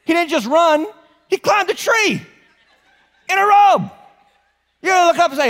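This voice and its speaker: A man preaching as lead pastor, animated and joking, often asking the congregation questions. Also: very high-pitched, moderate pace, pauses often, in a large hall. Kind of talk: sermon.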